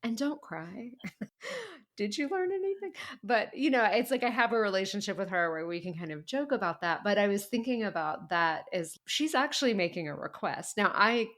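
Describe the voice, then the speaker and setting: A middle-aged woman co-hosting a podcast interview, chatting casually, emotional and quick to laugh as she rambles through her stories. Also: medium pitch, lively intonation, a bit bright. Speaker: podcast co-host.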